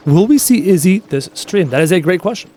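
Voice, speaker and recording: A man's voice: sits high, lively intonation, fairly quick, warm tone, faint music behind. A man live-streaming a game, chatting casually and reading out viewers' messages in a playful way. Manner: chatty, reads chat aloud, playful.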